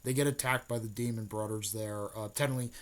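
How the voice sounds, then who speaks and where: A man's voice: on the low side, steady tone, quick pace. A young man, a YouTuber, casually retelling a plot in a rambling way full of fillers and restarts.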